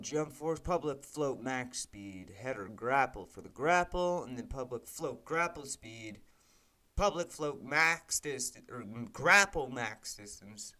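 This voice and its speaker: A man's voice: mid-range voice, pushed and bright. A man live-streaming as he codes a game, casually muttering code terms and breaking into frustrated, profane rants. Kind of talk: casual live-stream commentary while coding.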